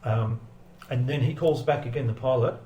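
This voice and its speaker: A man's voice: mid-range voice, normal speed, dark tone, echoey room, lo-fi sound, a little hiss or hum. A man, a guest UFO investigator, retelling a story and reading from a radio transcript in a conversational way, with many ums and frequent checks of "right?".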